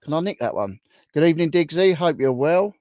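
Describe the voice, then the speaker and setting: A man's voice: a little high, animated, a little fast, darkish tone, no echo. A man from England hosting a casual live stream chat, greeting viewers by name in a chatty way. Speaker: livestream host.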